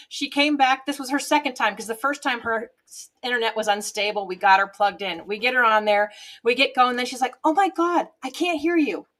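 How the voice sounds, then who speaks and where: Lively woman telling stories on a webcam mic. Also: fairly high pitch. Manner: lively, laughs often, acts out quoted dialogue. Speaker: guest, TV show host and business owner. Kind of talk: casual interview storytelling. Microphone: webcam microphone.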